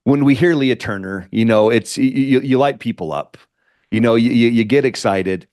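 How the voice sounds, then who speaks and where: A man's voice: mid-range voice, normal speed, a little mellow, dry recording, studio quality. A man hosting an interview podcast, fervent and faith-driven, often stumbling and repeating his words. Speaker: podcast host.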